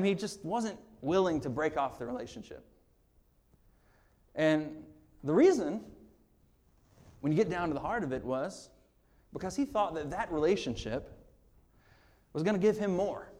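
A man preaching a sermon with a voice pitched a little above most men's. He talks to the congregation conversationally, mixing jokes and laughter with quieter, earnest stretches. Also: very animated, moderate pace, pauses often. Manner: conversational, with humorous asides and laughs; earnest, drops quiet on serious points. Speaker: pastor.

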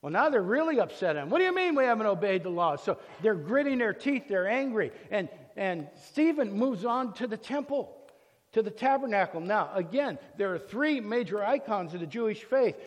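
Guy with a fairly high voice doing a bible lesson, chatty storytelling with lots of uhs, long echo in the hall. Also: lively intonation, normal speed. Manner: storytelling, frequent filler words and restarts. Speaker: Bible teacher. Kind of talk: conversational Bible teaching. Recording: long reverb, echoey hall.

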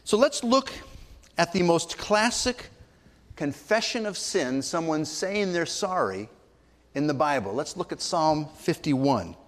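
Older man, sermon, high-pitched voice, long church reverb, storytelling manner. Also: very animated, a little slow. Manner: storytelling, acts out voices in quotes. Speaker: pastor.

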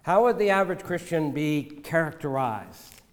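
A man preaching a sermon as pastor, measured and deliberate, often asking rhetorical questions. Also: fairly high pitch, big pitch swings, big-room sound.

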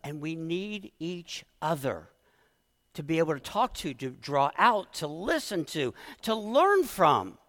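A middle-aged man delivers a heartfelt sermon as pastor, his voice a touch higher than most men's. He is earnest and emotional and stumbles into restarts as he presses his point. A long reverb from the church hall follows his words. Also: big pitch swings, slow pace, a bit bright.

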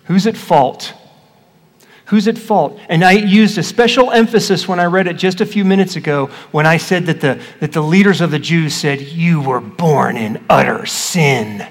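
A pastor with a fairly high voice reads scripture and then teaches it in an easy, question-asking way. He is heard in a church hall where his voice rings out with a long reverb. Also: moderate pace. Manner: conversational, asks the congregation questions. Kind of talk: scripture reading and sermon teaching.

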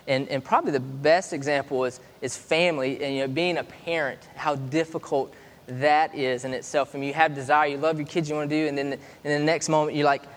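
A man's voice: on the high side, fairly even intonation. A man in his thirties preaching a sermon in a chatty way, stopping and restarting often. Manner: conversational, halting with many restarts. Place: church hall. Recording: long hall reverb.

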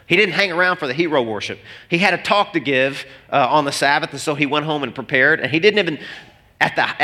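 A man's voice: mid-range voice, bright, forceful tone. A man preaching a sermon in an earnest, emphatic way, asking the listeners questions as he goes. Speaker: pastor.

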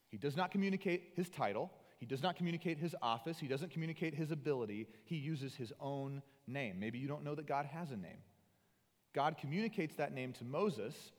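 A man preaching a sermon, animated and conversational, acting out the voices he quotes. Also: mid-range voice. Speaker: pastor. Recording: long hall reverb.

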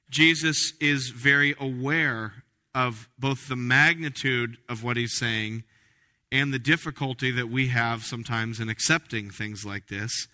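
A man's voice: mid-range voice, moderate pace, sharp tone. Pastor guy preaching, punchy and emphatic, lots of restarts, big echoey church. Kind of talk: sermon. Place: church sanctuary. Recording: reverberant church hall.

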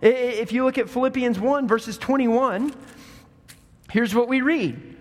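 A man preaching a sermon, animated and storytelling, acting out voices when he quotes people. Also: very high-pitched, a little slow. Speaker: pastor. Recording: long hall reverb.

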